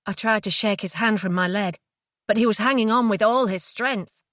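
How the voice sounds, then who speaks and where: A woman reading a suspense audiobook in a measured, dramatic way on a close studio mic. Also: medium pitch, a bit bright, no echo. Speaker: audiobook narrator. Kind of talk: scripted narration.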